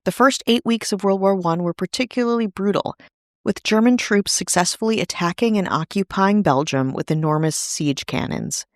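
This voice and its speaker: A woman's voice: mid-range voice, moderate pace, no room sound. Woman host, scripted history narration, wry asides, dry close mic. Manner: wry asides in a serious telling. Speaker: podcast host.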